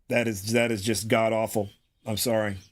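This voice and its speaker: A man's voice: on the low side, little pitch movement, moderate pace. A man giving casual gameplay commentary, exasperated and groaning, often repeating himself and swearing. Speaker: gaming streamer.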